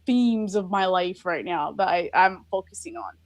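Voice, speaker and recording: A woman's voice: fairly low pitch, very animated, moderate pace, no echo. A woman speaking as a guest on a podcast, in an earnest, reflective casual conversation full of filler likes. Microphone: recorded over a live video call.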